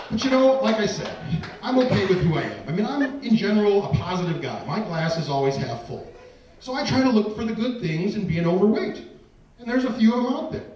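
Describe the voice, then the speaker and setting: Animated stand-up comic in an echoey room. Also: male voice, sits high, quick pace, highs cut off. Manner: self-deprecating storytelling with audience asides. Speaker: stand-up comedian. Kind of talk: stand-up comedy routine. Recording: echoey room, distant mic, audience laughter. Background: audience laughter.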